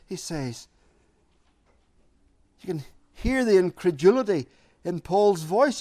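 A man preaching a sermon, earnest and deliberate, repeating key phrases for emphasis. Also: sits high, big pitch swings, darkish tone.

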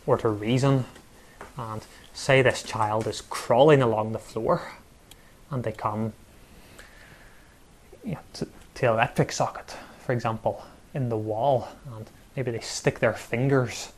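A man preaching a sermon, measured and emphatic, with pauses and repeated words for stress. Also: mid-range voice, darkish tone.

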